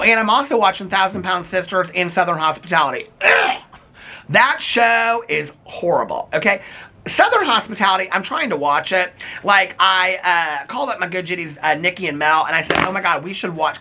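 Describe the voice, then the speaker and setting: Bright, gossipy middle-aged man vlogging. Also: sits high, fast talker. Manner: animated and gossipy, laughs often, repeats catchphrases. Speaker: reality TV recap YouTuber. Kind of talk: casual chatty recap to camera.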